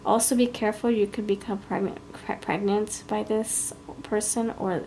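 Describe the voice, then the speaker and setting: A woman reads tarot cards aloud, blunt and scolding as she thinks through each card. Her voice sits at an ordinary middle pitch for a woman. There is a faint hiss of noise behind her. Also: fairly even intonation, moderate pace, gravelly, mellow. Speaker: tarot reader. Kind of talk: pick-a-card tarot reading.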